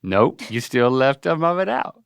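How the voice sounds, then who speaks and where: A man hosts a casual podcast, teasing and coaching in a playful tone. His pitch swings widely, and he takes his time with every phrase. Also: sing-song, a little slow, vocal fry, clean tone. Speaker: podcast host. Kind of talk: casual podcast chat, quizzing.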